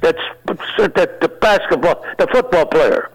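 An elderly man in his nineties chatting on a radio show, his voice sitting high for a man. He rambles from joke to joke, loses words and trails off, then chuckles at his own punchlines, all over a radio broadcast sound. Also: lively intonation, a little slow, creaky, slightly rough, low-quality recording. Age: 90s. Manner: rambling, joking, searches for words, laughs at own jokes. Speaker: comedian guest. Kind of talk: casual joking chat.

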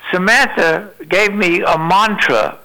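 A man's voice: high voice, slow pace, sharp tone, low-quality recording. A man in his nineties chatting and telling jokes on the radio, rambling and talkative. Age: 90s. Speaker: regular radio guest. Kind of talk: casual radio chat, joke-telling.

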